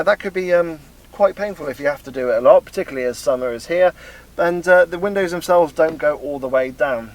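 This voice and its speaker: A man, chatting through a car review, explaining the car as he sits in it and drives. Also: on the high side. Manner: chatty, explanatory, talks while driving. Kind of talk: casual car review talk. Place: inside a car, partly on the road. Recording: loud road and engine noise.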